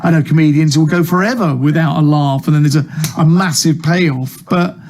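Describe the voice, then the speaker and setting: A man's voice: fairly high pitch, a little fast, a little mellow. A man, a comic actor, chatting in an interview about his career, self-deprecating and full of restarts, speaking over a video call. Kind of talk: casual interview chat.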